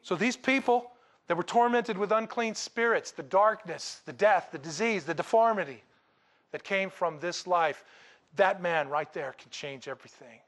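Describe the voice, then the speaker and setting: A man preaching a sermon, telling a personal story dramatically and swinging from loud bursts to hushed lines. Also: high-pitched, lively intonation, normal speed.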